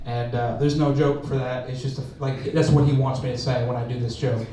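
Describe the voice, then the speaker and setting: A man's voice: mid-range voice, level tone, fairly quick, warm tone. Man from Oklahoma in a very echoey room. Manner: casual, storytelling, lots of "like". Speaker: stand-up comedian. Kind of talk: stand-up comedy set. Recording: very echoey room, distant mic, background noise.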